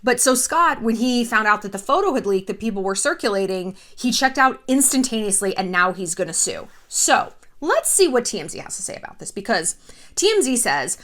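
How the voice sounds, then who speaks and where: A woman hosting a casual chat show, talking in an animated, gossipy way and swearing freely. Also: fairly high pitch, fairly quick. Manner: animated, gossipy and frequently profane. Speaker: host.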